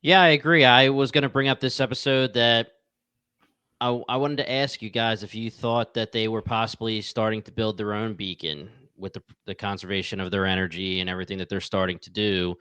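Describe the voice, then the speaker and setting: Smooth-voiced podcast host man. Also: on the low side, fairly quick, no echo. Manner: energetic, promotional, talks to listeners directly. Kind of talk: casual podcast chat.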